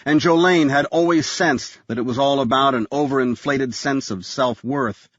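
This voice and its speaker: A man's voice: mid-range voice, normal speed, fairly bright tone, dry recording. Male audiobook narrator, tense thriller delivery, dull dry studio sound. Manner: tense thriller reading, voices characters.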